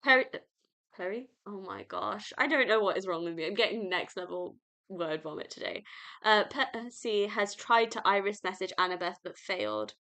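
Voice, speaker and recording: Bright-voiced British woman, rambling podcast host. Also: mid-range voice, animated, normal speed. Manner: rambling and gushing, many fillers like "like". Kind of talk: casual solo book review.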